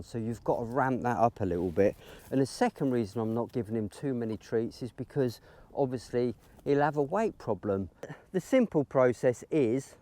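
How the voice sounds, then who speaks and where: A man teaching dog training outdoors in a field, explaining each step calmly and breaking into high, excited praise for the dog.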